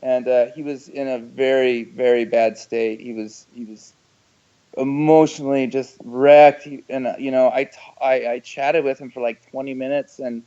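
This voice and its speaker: A man's voice: mid-range voice, steady tone, dark tone, smooth. Earnest man on a dull phone line. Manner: emotional, halting, repeats words. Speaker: guest, actor and screenwriter. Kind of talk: earnest interview answers.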